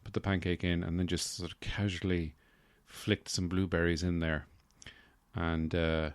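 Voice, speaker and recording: A man hosting a casual solo podcast, rambling with deadpan humor and lots of fillers into a close mic. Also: low voice, a little slow, clean tone, no room sound. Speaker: podcast host.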